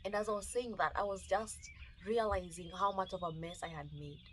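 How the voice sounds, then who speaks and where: A woman with a Kenyan accent, telling an animated, emotional personal testimony and acting out the dialogue. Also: mid-range voice, brisk, a little hiss or hum. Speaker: storyteller.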